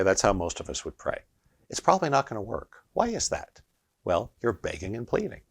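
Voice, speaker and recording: A man's voice: on the low side, no echo, studio quality. A man teaching energy healing in an emphatic instructional monologue, often checking in with a rhetorical "right?".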